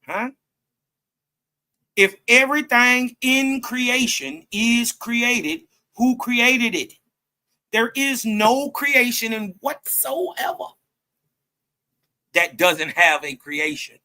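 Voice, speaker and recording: A man's voice: very high voice, expressive, very slow, long pauses, bright, forceful tone. A man, commenting on a debate clip in an emphatic, preachy way that keeps asking "right?". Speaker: host reacting to a clip.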